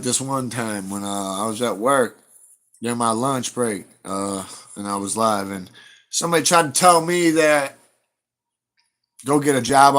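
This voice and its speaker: A man's voice: mid-range voice, fairly bright tone. A man, chatting casually to viewers on his livestream, blunt and profane as he rambles through stories. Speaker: livestream host.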